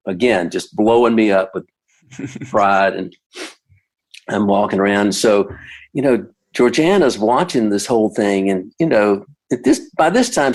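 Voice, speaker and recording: A man's voice: on the low side, darkish tone, low-quality recording. An older man, a musician and guest, telling a casual anecdote in a rambling way with many restarts and asides.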